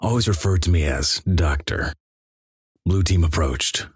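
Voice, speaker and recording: A man reading an internet story aloud in a flat, deadpan manner. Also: deep voice, a little slow, slightly rough, no room sound, clean studio sound.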